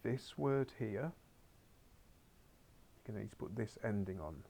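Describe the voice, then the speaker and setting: A low-voiced man with a gravelly edge, teaching a beginners' class. He coaxes his pupils through the work, slipping in dry asides and dropping now and then to a muttered whisper. He sounds like he is standing in a school classroom. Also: lively intonation, measured pace, dark tone. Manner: coaxing, wry asides, drops to muttered whispers. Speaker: Spanish teacher.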